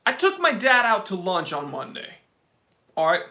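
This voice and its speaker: A man's voice: high voice, moderate pace. A young man hosting a casual livestream, telling a story as a comic rant and talking to viewers by name. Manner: animated comic ranting. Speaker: livestream host.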